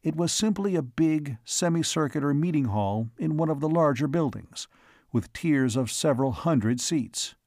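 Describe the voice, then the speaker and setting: A man's voice: fairly high pitch, expressive, moderate pace, darkish tone, dry recording. Man reading an audiobook, dry sound. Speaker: narrator. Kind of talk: audiobook narration.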